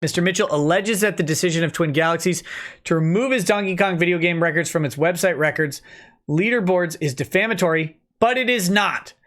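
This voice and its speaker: A man's voice: high voice, a little fast, fairly bright tone. A man in his thirties hosting a casual livestream, reading chat comments aloud and reacting to them between going over a legal document.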